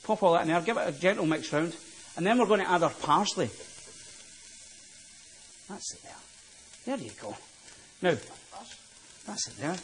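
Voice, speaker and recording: A man's voice: sits high, animated, moderate pace, pauses often, a little hiss or hum. A man working as a chef, patiently explaining a recipe step by step in a studio kitchen. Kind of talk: cooking demonstration.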